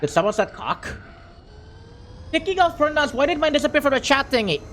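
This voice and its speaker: A young adult streamer chatting casually with viewers, excitable, laughing often and stumbling over repeated words when flustered. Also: high voice, a little fast, slight background noise. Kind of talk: casual live-stream chat.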